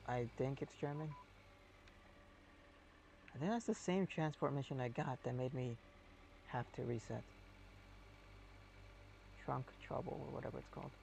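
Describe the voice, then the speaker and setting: Gravelly, rambling man chatting while gaming. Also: mid-range voice, a little mellow, a little hiss or hum. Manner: rambling and hesitant, with many fillers. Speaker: game streamer. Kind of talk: casual chat while playing a game.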